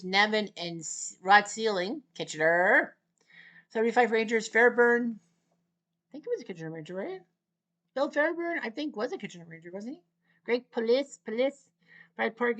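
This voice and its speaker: A woman talking her way through a game in a loose, chatty commentary. She keeps wandering into side remarks and now and then bursts out with a shouted taunt. Her voice sits in an ordinary middle register. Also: medium pitch, expressive, moderate pace, pauses often. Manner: chatty, rambling asides full of trivia. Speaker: gameplay commentator. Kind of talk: casual gameplay commentary.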